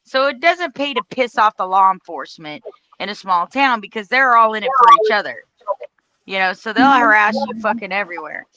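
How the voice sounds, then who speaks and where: A woman's voice: medium pitch, expressive, brisk, pushed and bright, no echo. A woman in casual chat, talking bluntly and swearing freely as she gives her opinions. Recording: dull lo-fi audio.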